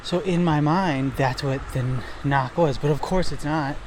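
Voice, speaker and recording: A young thru-hiker vlogger records a casual trail diary outdoors by a river near a town, rambling and self-deprecating with lots of swearing and fillers. His voice is on the high side and unhurried, with slight background noise.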